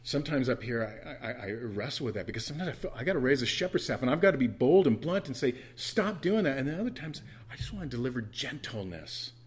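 Husky-voiced man preaching earnestly. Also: mid-range voice, lively intonation, fast, few pauses. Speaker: pastor. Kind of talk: sermon. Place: church.

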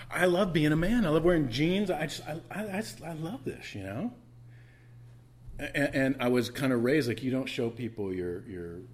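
A middle-aged man preaching a sermon as pastor, conversational with personal asides, swinging between loud emphasis and quiet, intimate moments. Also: low-pitched, slight background noise.

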